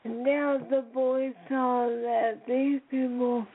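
A woman host reading a children's story aloud, slowly and carefully. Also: a little high, flat delivery. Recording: noisy phone-like line.

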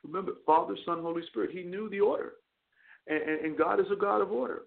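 A man's voice: sits high, fast, gravelly. A male chaplain hosting a call-in radio show, preaching earnestly and often stammering over repeated words. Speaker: chaplain and talk radio host. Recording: narrow phone-line broadcast sound.

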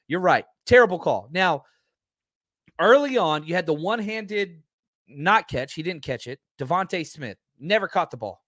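A man's voice: sits high, lively intonation, moderate pace, a bit bright, no echo, clean studio sound. A man hosting a sports talk livestream, ranting with heat and reading out viewer comments. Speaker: livestream host.

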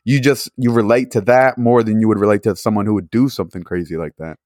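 A young man hosting a podcast, telling a story in casual, profanity-heavy chat with animated rants. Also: fairly low pitch, fast talker, dry recording, studio quality. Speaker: podcast host.

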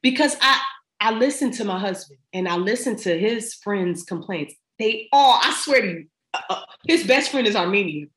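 A woman's voice: mid-range voice, animated, moderate pace, a bit bright. A middle-aged woman talking as a podcast guest in casual chat, emphatic and slangy as she gives advice. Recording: roomy echo.

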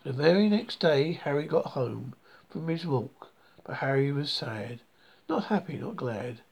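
A storyteller reading a rhyming children's book aloud in a slow, singsong way. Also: mid-range voice, expressive, creaky, darkish tone, slightly rough.

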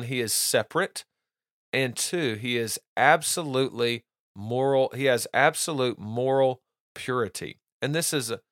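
A man's voice: medium pitch, fairly bright tone, dry recording. Earnest man teaching doctrine, dry sound. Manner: earnest, restarts and repeats words, reads quotes aloud. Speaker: podcast host teaching doctrine. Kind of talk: casual teaching monologue.

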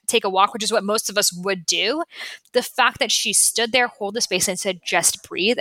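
Woman podcast guest, crisp bright tone, dry close sound, lively storyteller. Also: mid-range voice, no echo, rough recording. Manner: animated, acts out quoted voices loudly.

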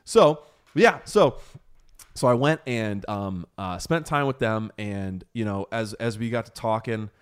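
Casting: American male podcast host in his thirties, slightly low voice, eager and rambling. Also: expressive, a little slow, clear, resonant tone. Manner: enthusiastic, rambling, lots of fillers and restarts. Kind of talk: casual storytelling chat.

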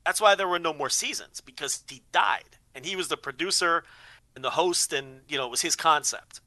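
A man's voice: on the high side, normal speed, pushed and bright, no room sound. A man on a podcast, chatting casually and rambling, repeating words as he thinks. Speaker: podcast co-host. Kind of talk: casual chat.

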